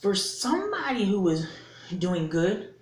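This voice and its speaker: A woman's voice: medium pitch, sing-song, a little slow. A woman vlogger giving an indignant, emphatic opinion rant to camera, swearing and repeating herself for effect. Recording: echoey room.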